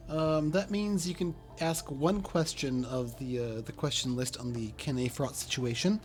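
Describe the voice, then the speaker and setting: A man narrating a tabletop game as game master, in a halting way full of hesitations. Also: mid-range voice, darkish tone, soft background music. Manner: halting, lots of uh's and restarts.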